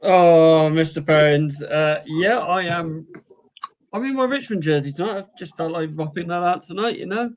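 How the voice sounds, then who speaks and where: High-voiced, laid-back British co-host. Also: male voice, normal speed, slight background noise. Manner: laid-back, hesitant with fillers. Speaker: podcast co-host. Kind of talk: casual chat.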